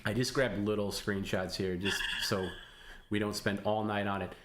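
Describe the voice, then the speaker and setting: A man's voice: lowish voice, level tone, normal speed, background noise. A man hosting a live stream, teasing his guest and laughing often. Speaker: stream host. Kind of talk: casual live stream banter.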